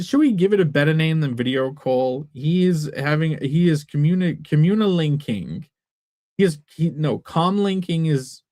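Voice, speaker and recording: A man talking casually on his live stream about his comics, rambling and cutting himself off with jokes. His pitch rises and falls a lot, and the sound is close and dry, with no room echo. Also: a little mellow. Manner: rambling, self-interrupting, joking. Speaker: comic book creator and streamer.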